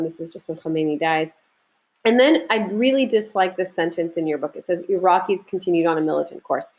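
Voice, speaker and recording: A woman's voice: medium pitch, low-quality recording. Casting: woman from Iraq, history teacher, chatty lecture delivery with asides, mid-range voice. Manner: conversational, with frequent restarts and asides.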